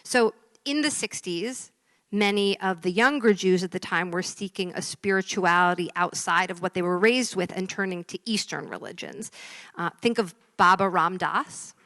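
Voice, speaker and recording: A woman's voice: lowish voice, moderate pace, dry recording. A woman telling jokes to a live audience, acting out the characters with voice shifts and dropping to a whisper for effect. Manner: lively storyteller, drops to whispers for effect. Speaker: joke teller. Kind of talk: stand-up joke telling.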